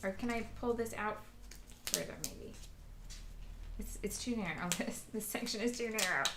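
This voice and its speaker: A woman in her forties chats away as she hosts a live crafting stream, laughing easily and muttering to herself as she works. Her voice is bright and a little high, and the room gives it a noticeable echo. She sounds relaxed and conversational throughout. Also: gravelly. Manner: chatty, laughs often, talks to herself while working. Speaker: crafting livestream host. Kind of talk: casual live chat while crafting. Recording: roomy echo.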